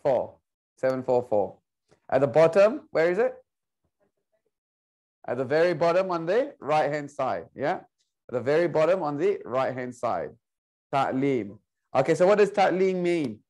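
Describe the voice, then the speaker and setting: Guy teaching arabic over a video call, fairly high voice, teasing his students along. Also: very animated, darkish tone. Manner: playful, coaxing students, slow repeated explanations. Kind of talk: online class teaching.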